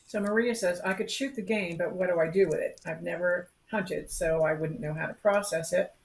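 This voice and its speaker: A man co-hosting a live stream, reading out viewer comments haltingly. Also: sits high, fairly even intonation, vocal fry. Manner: reads out chat comments haltingly. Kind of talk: casual chat. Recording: distant, roomy off-mic voice.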